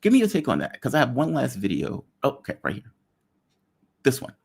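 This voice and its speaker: A man hosting a casual political talk show, blunt and joking with quick asides. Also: medium pitch, wildly swooping pitch, vocal fry, a little mellow, breathy edge. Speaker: show host.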